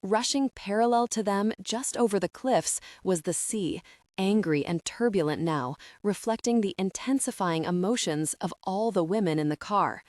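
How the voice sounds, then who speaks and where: A woman narrating a novel in a steady, even reading voice. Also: medium pitch, moderate pace, no echo, studio quality. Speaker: audiobook narrator. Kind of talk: scripted audiobook narration.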